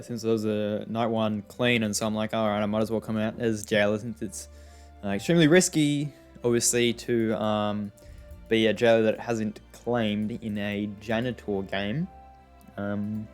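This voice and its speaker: A young man giving casual, rambling gameplay commentary, often exasperated, with many fillers and restarts. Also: medium pitch. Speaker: gaming YouTuber.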